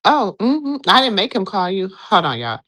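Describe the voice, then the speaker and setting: Middle-aged woman co-host, chatty storyteller, lively swooping pitch, dry close sound. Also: normal speed, no room sound. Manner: animated storyteller, acts out quotes. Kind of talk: casual late-night chat.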